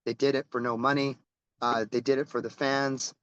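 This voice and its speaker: A man's voice: medium pitch, level tone, normal speed, a bit bright, clean tone, dry recording, dull audio. A middle-aged man, a rock musician, telling stories in a casual interview, rambling and restarting as he goes and swearing casually.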